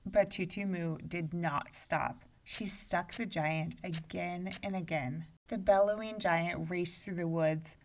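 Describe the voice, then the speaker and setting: Slow-paced woman reading a story aloud. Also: lowish voice, distant mic. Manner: expressive, measured storytelling. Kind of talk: read-aloud storybook narration.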